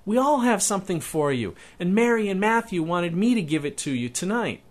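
A man's voice: a little high, animated, a bit bright, voice pushed up, exaggerated voice. A man reading aloud and voicing a ten-year-old boy who pleads and whines in a rush of words. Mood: eager. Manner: whiny, pleading, rushes his words.

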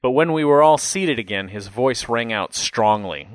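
A man's voice: mid-range voice, animated, normal speed, few pauses, no room sound. A man reading a first-person memoir aloud with a wry, reflective manner. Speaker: narrator. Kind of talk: first-person audiobook narration.

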